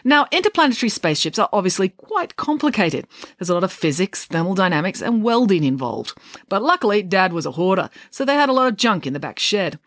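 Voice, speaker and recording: A woman reading a children's bedtime story with playful, deadpan humour. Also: medium pitch, quick pace, no echo, studio quality.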